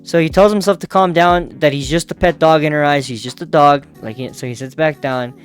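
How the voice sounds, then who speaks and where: A man's voice: on the high side, brisk, clear, resonant tone, soft background music. A man casually narrating a manga recap in a chatty way, chuckling and correcting himself as he goes. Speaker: manga reviewer.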